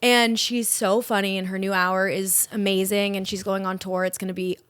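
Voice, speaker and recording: A young woman co-hosts a casual podcast and tells stories with lots of energy, slipping into quoted voices as she goes. Her voice sits at a middle pitch. The sound is close and dry, with no room echo. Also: moderate pace, smooth. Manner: animated storyteller, acts out quotes. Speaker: podcast co-host. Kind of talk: casual chat.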